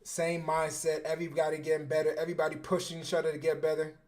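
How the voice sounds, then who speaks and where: High-voiced young man, slangy coaching talk. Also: fast. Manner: animated storytelling, slangy, repeats words. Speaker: football coach and former defensive back. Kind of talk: casual livestream film breakdown.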